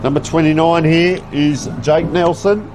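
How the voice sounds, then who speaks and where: Male commentator, folksy live play-by-play, slightly high voice, faint outdoor noise behind. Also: fairly even intonation, measured pace, a little mellow. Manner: chatty, folksy play-by-play with asides. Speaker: sports commentator. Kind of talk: live local football commentary. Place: outdoor football ground.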